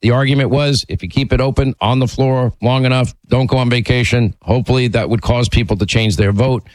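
A man's voice: medium pitch, a little fast, darkish tone, dry recording, rough recording. A man hosting a talk radio call-in show, blunt and emphatic, often restarting his sentences.

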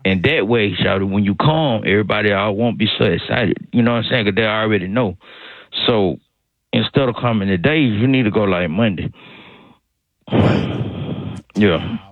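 A man's voice: lowish voice, moderate pace, pauses often, no echo. A man calling in to a radio comedy bit. He rambles in circles, repeats himself and keeps calling the host "shawty". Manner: rambling, repetitive, circles back to the same phrases; slangy, calls the host shawty. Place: on a phone call into a radio show. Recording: tinny phone line.

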